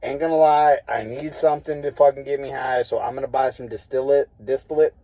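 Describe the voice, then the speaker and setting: A man's voice: mid-range voice, fairly even intonation, fairly quick, dark tone, no echo, rough recording. Profane, rambling young man ranting. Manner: profane, rambling, frustrated, filler-heavy. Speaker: vlogger. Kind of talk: casual rant to camera.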